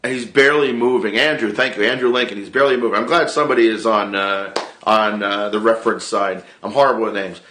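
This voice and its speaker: Excitable, swearing man in an echoey room. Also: on the low side, fast, hardly any pauses. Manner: rambling, excitable, swears a lot, frequent restarts. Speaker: vlogger and improv actor. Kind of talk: casual chat to camera.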